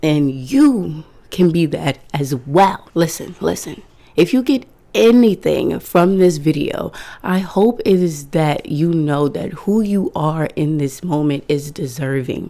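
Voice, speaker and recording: Low-voiced young woman, candid and emphatic. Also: dark tone. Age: 20s. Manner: candid, emphatic, swears freely, addresses viewers directly. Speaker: vlogger. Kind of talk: casual self-help talk to camera.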